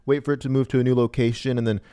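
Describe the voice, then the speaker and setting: A man who runs a trading video channel, talking to camera in a casual, joking, self-mocking way, with big swings between loud and quiet. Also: medium pitch, little pitch movement, racing, smooth. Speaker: trading YouTuber. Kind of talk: casual vlog monologue.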